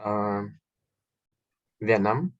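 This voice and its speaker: A man's voice: on the low side, drawn-out words. A young man, a student, answering questions in class hesitantly and with fillers. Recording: dull lo-fi sound.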